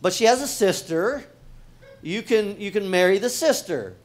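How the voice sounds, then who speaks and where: A man's voice: high-pitched, lively intonation, moderate pace, voice pushed up. A man acting out a hesitant father who halts and mumbles as he makes excuses. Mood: sheepish.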